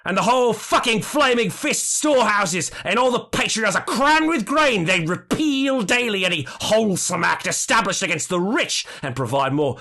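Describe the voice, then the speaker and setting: A man's voice: sits high, animated, moderate pace, few pauses, pitched above the performer's own voice, heavily acted. A man voicing an angry redheaded male rabble-rouser who rants at a crowd. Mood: furious. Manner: shouting, ranting.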